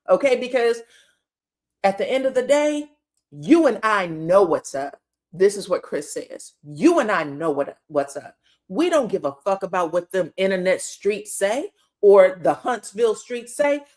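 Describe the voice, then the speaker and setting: A woman giving a casual, profane gossip recap of a reality show, acting out the people she quotes. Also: mid-range voice. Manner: animated, acts out quotes, profane and laughing.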